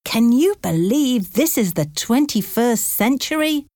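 A woman's voice: on the high side, animated, a little slow, darkish tone, no room sound, clean studio sound, pitched above the performer's own voice. A woman doing an eager young male traveller. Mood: curious.

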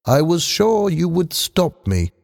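A man voicing a calm robot longing to be human. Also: on the high side, gravelly, big-room sound, pitched above the performer's own voice, full character voice. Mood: earnest. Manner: calm, measured, earnest. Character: robot who wants to be human, calm and earnest.

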